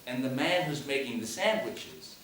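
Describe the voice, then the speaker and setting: Before an audience in a screening hall, a man who directs films and teaches tells a story during the Q&A, with hesitant restarts. He speaks at normal speed in an expressive, medium-pitched, somewhat bright voice. The audio is echoey, recorded from afar, with a little hiss or hum.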